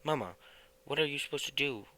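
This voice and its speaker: A man voicing an eager, dreamy middle-aged house painter in a read-aloud storybook, lively and animated. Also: fairly high pitch, brisk, pitched above the performer's own voice, rough recording.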